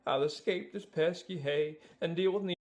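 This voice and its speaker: A man's voice: fairly high pitch, normal speed, darkish tone, lightly acted. A man voicing a swaggering male cartoon bear, rapping and singing in a put-on accent. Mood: brooding. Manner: rhythmic rap delivery in a put-on accent. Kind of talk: sung and rapped musical number.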